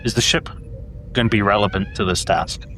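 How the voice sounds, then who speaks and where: A man's voice: lowish voice, brisk, sharp tone, a little hiss or hum. A man playing a tabletop game, chatting easily about his character's checks. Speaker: player. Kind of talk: casual tabletop play.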